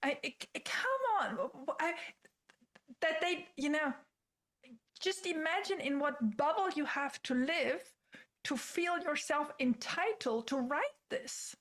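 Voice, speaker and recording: Brief: French-native woman, slightly high voice, lively opinion talk with frequent laughs. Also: a little slow. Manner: animated, repeats words, laughs often. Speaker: guest commentator. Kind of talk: casual opinion chat.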